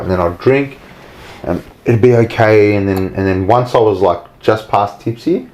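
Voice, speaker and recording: Low-voiced, reflective man. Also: normal speed, a little mellow, highs cut off. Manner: reflective, thoughtful. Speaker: podcast co-host. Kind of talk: casual chat.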